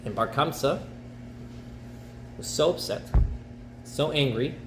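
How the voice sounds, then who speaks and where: A man's voice: medium pitch, slow. A male rabbi telling a story as a casual, chatty lesson, with slang and frequent "okay?". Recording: echoey room, faint background noise.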